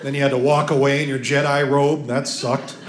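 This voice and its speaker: A male stand-up comedian making quick, wry asides to the audience. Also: medium pitch, level tone, very noisy. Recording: echoey live room, loud crowd.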